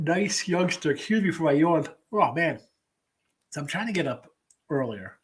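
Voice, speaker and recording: A man's voice: a little high, lively intonation, normal speed, fairly bright tone. A middle-aged man hosting a live sports betting show, chatting loosely with viewers and rambling as he thinks aloud. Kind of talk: casual live-stream chat.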